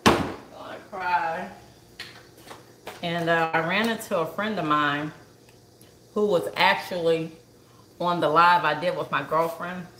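Tearful slow-talking woman livestreaming. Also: fairly low pitch, fairly even intonation. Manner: emotional and tearful, calls viewers y'all. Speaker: cooking vlogger on a livestream. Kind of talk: casual chat to viewers. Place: home kitchen. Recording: echoey room with background noise.

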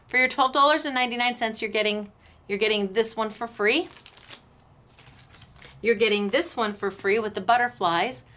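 A woman's voice: on the high side, fairly bright tone. A middle-aged woman hosting a casual craft demo, chatty and gushing, laughing often. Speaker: craft show host.

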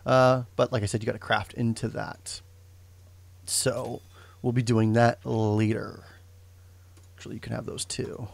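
A gravelly, mid-range male voice delivers flat, unhurried commentary full of long pauses. The young man streams a game and rambles about it, correcting himself and slipping in jokes.

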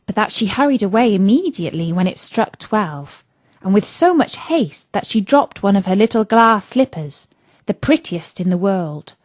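A woman's voice: mid-range voice, a little mellow, no echo. A woman reading a fairy tale aloud for children as a storyteller.

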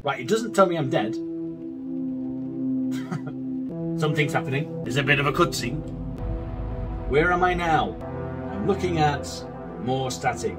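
A man's voice: on the high side, animated, slow, pauses often. A man commentating a horror game as he plays, swearing constantly and arguing back at it in an agitated way. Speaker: gaming video creator. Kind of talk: let's play commentary. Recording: distant mic with faint game music.

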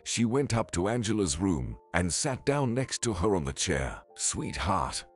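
A man narrating a scripted drama story in an even, storytelling way. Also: low-pitched, normal speed, husky. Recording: faint music behind.

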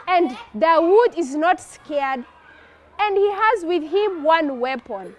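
A woman narrating a religious story for children in an animated way, often asking her listeners questions. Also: very high voice, takes it slowly.

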